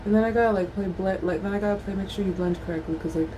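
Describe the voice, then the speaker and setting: A woman's voice: mid-range voice, very fast, noisy background. A woman vlogger chatting casually at home while doing her makeup. She is a mother of a toddler who rambles, swears freely and mocks herself. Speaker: beauty vlogger.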